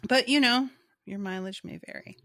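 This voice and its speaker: A woman's voice: on the high side, bright, forceful tone, no room sound, studio quality. A woman co-hosting a book podcast, chatting casually and laughing at herself. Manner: chatty, self-deprecating, quick laughs. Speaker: podcast co-host.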